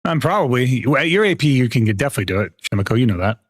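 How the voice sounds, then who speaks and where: A young man gives casual, chatty commentary while he plays a game live, laughing often between his explanations. His voice sits at an ordinary middle pitch and sounds dry and close, with no room around it. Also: big pitch swings, rapid-fire, breathy edge, dry recording. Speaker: streamer.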